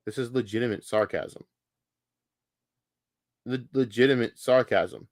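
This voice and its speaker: A man's voice: mid-range voice, measured pace, no room sound, clean studio sound. A man ranting angrily on a live stream, swearing hard and repeating himself when worked up. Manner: heated, profane, repeats words when worked up. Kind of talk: angry live-stream rant.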